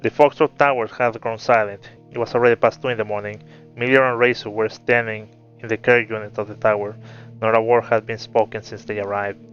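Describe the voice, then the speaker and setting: A man reading a fantasy story aloud in a steady narrating voice, in a muffled recording. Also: on the low side, fairly quick. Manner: steady narration, laughs between chapters. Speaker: story reader. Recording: muffled with faint music.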